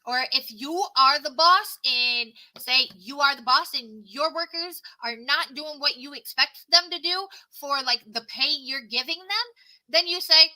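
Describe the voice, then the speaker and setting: Woman, tarot reader on a livestream; high, piercingly bright voice; earnest and rambling, laptop mic. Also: low-quality recording. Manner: earnest, rambling advice with restarts and repetitions; reads card meanings slowly then talks to viewers. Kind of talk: casual livestream tarot reading.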